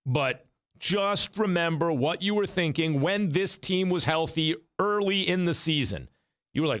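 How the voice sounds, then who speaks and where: A man's voice: fairly high pitch, unhurried, dry recording, clean studio sound. A middle-aged man hosting sports talk radio, arguing his takes with rhetorical questions. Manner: argumentative, rhetorical questions, animated delivery.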